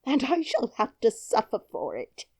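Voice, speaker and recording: A woman's voice: fairly high pitch, wildly swooping pitch, moderate pace, mellow, slightly rough, voice pushed up, heavily acted. Woman doing a fretful scolding nursemaid. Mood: indignant. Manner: scolding, indignant, teary.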